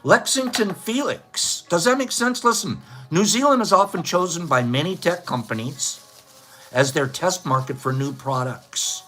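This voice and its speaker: A man's voice: sits high, moderate pace, fairly bright tone, soft background music. A man hosting a casual livestream trivia contest, chatting with viewers, joking and laughing at his own jokes.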